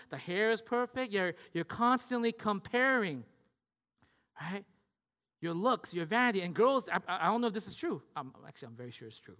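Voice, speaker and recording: This man's voice is high and a bit bright as he delivers a sermon in a conversational style. The pastor repeatedly asks "right?" and imitates the people in his stories, and the recording carries long hall reverb.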